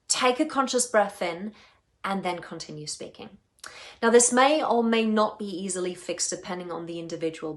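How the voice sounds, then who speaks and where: A woman's voice: medium pitch, a bit bright. Earnest woman voice coach, emphatic delivery. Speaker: speech and voice coach. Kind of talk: scripted advice talk to camera.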